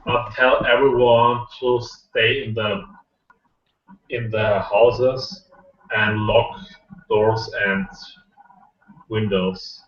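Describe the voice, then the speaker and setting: A man playing a tabletop game who speaks in an earnest, deliberate way. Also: on the low side, level tone. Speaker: player. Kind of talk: tabletop role-play. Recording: roomy, distant, dull recording.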